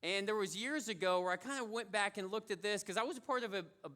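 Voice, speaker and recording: A man's voice: sits high, quick pace, sharp tone. A male pastor giving a sermon in a conversational storytelling way, repeating his key phrases for emphasis.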